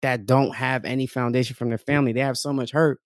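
A man's voice: mid-range voice, steady tone, quick pace, no room sound, clean studio sound. A man in casual conversation, talking openly and animatedly, full of fillers, often acting out other people's voices and laughing. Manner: frequent fillers like "like" and "um".

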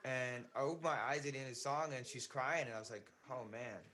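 Male singer guest, mid-pitched, earnest and rambling, casual chat. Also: quick pace, sharp tone, slight background noise. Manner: earnest, rambling, repeats words, says "man" often.

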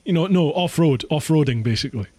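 A man's voice: on the high side, lively intonation, quick pace, darkish tone, husky, no echo. A Scottish man hosting a casual chat over a call, chatty and self-deprecating, laughing often. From Scotland. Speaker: podcast host.

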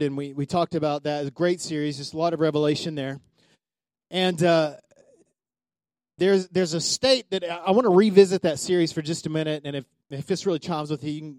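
A man preaching a sermon as pastor, swinging from loud calls to hushed asides. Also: sits high, no echo.

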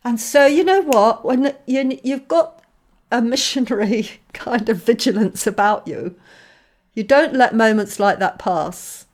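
A woman, a missionary guest telling a personal story in conversation, acting out dialogue with lively shifts. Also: fairly high pitch, a little slow.

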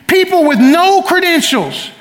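High-voiced preacher in a reverberant hall. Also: male voice, very animated, a little slow, fairly bright tone. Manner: emphatic, calls for audience responses. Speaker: pastor. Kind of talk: sermon. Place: church sanctuary. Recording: long reverb of a church hall.

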